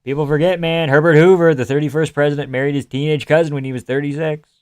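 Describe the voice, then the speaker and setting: A young man from Canada hosts a livestream in a loose, cursing, sardonic way, riffing on the chat as it comes in. His voice comes across smooth and clear. The mic sounds close and dry, with no room sound. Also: a little high, steady tone, fast, no room sound. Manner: profane, sardonic, reads chat aloud. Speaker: livestream host. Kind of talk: casual chat.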